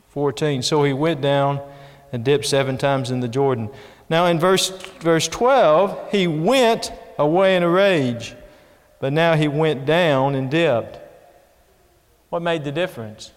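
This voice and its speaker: A man preaching a sermon, folksy and full of everyday examples, swinging between loud emphasis and hushed, soft passages. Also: fairly high pitch. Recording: long hall reverb.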